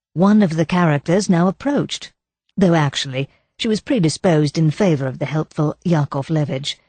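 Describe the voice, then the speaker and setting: A woman narrating a cozy mystery audiobook in an even, measured storytelling style. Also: deep voice, breathy edge, no room sound. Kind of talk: scripted narration.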